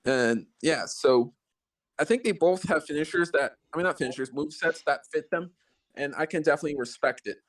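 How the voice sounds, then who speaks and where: A man hosting a casual podcast debate, weighing both sides in a measured way and keeping score. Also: on the high side, far from the mic. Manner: measured, even-handed, moderating.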